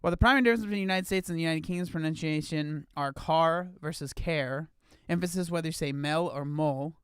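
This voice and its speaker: A man live-streaming in a casual chat, animated and incredulous as he talks to his viewers. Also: on the high side, quick pace, clean tone, dry recording, studio quality.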